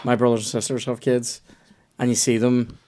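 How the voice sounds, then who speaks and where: A man's voice: medium pitch, level tone, normal speed, mellow, slight background noise. A man in casual comedy podcast chat, telling rambling, sweary anecdotes. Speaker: podcast guest.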